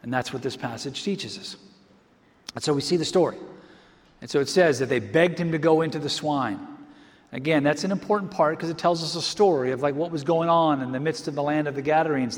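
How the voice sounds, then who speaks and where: A man preaching a sermon, building emphatic peaks and dropping to a hush for effect. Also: fairly high pitch, fairly quick, in a large hall. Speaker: pastor.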